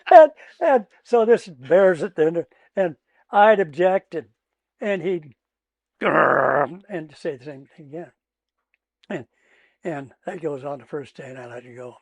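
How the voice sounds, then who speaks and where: High-voiced older man, laughing raconteur. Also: measured pace, pauses often, no room sound. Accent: Midwestern American. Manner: animated storyteller who laughs often and acts out his own shouting. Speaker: retired trial lawyer guest. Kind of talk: casual storytelling interview.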